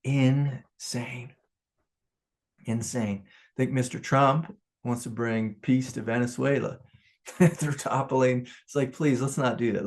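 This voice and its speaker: A man leads a satsang as a spiritual teacher, his mid-range voice roughened by a gravelly fry. He laughs readily and swings between impassioned pleading and soft, hushed prayer. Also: medium pitch, fairly even intonation, takes it slowly. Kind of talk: satsang talk.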